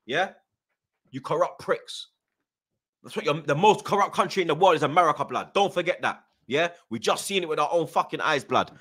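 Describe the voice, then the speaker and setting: A man's voice: fairly high pitch, animated, normal speed, bright, forceful tone, slightly rough. Furious man ranting on stream. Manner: angry, swearing, repeating taunts and "yeah?" tags. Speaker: streamer hosting a football watchalong. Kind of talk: live fan watchalong rant.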